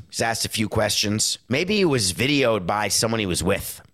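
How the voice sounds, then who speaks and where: Middle-aged male commentator, slightly low voice; loose, animated solo talk with acted-out asides. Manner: animated, acts out quotes in put-on voices. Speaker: sports and movie commentator. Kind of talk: casual monologue commentary.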